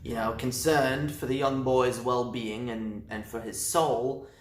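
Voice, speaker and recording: A man's voice: mid-range voice, steady tone, unhurried, a little hiss or hum. A man streaming live, rambling in a crude casual rant with many fillers. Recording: roomy echoey room.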